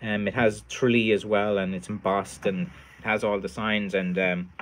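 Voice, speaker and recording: This middle-aged Irish man hosts a livestream where he makes sticks, and he chats tiredly and casually, rambling with lots of fillers and restarts. His voice sits fairly low with little pitch movement, his pace is moderate, and there's slight background noise.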